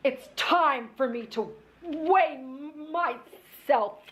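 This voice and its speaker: A woman's voice: sits high, lively intonation, extremely slow, fairly bright tone. A woman in her own online video, talking in a repetitive, singsong, dramatic way. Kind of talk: theatrical self-filmed performance video.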